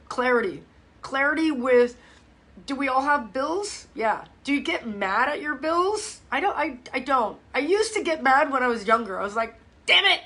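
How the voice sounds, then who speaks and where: A middle-aged woman fitness coach chatting casually to viewers on a live stream from her phone. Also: on the high side. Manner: chatty, animated, talks straight to viewers.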